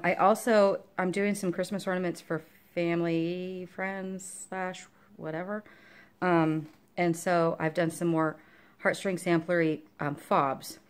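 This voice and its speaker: A woman chatting casually in a show-and-tell vlog about her stitching, rambling along with lots of fillers. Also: on the low side. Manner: talks to her dog between topics. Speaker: cross-stitch vlogger.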